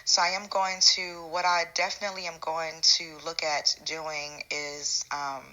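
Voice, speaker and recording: A woman's voice: low-pitched, little pitch movement, measured pace, pushed and bright, poor audio. A woman hosting her spiritual channel, talking casually and rambling a little, with fillers and restarts. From United States. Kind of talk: casual spiritual vlog talk.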